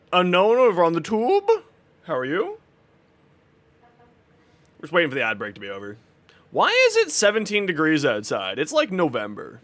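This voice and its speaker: A man's voice: high voice, a bit bright. A man hosting a casual game livestream, greeting viewers by name and joking as he plays. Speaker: livestream gamer.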